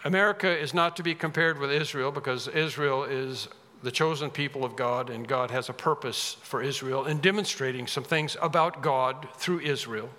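A man preaching a sermon in a bright, fairly high voice that carries a lingering reverb from a large church hall. He presses his points hard and repeats key phrases, each time with more force.

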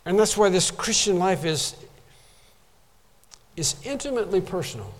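A man's voice: high-pitched, lively intonation, moderate pace. A man preaching a sermon as a pastor, emphatic, repeating phrases for stress. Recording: long reverb of a large hall.

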